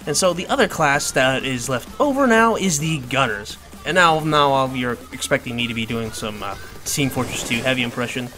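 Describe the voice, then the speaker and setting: Bright-voiced man giving casual game commentary. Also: medium pitch, expressive, fairly quick. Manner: casual, rambling, self-joking. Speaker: gaming video creator. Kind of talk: gameplay tutorial commentary. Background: faint background music.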